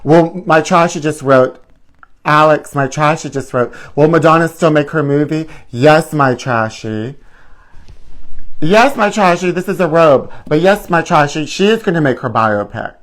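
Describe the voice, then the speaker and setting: Male host, campy and sassy, rambling asides to the chat, slightly high voice. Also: lively intonation, measured pace, fairly bright tone. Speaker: live stream host. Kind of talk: campy live stream chat.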